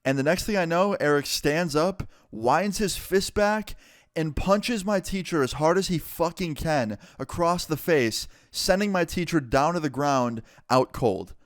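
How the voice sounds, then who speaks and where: Male vlogger, casual story-time narrator, smooth clear voice, dry close mic. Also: a little high, expressive, no room sound. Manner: chatty, quick to act out people he quotes, lots of "like".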